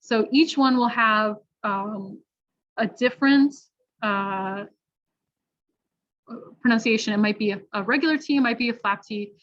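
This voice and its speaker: Slow, careful woman teaching pronunciation. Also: on the high side. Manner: slow, deliberate, models sounds carefully. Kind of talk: online pronunciation workshop. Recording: dull lo-fi audio.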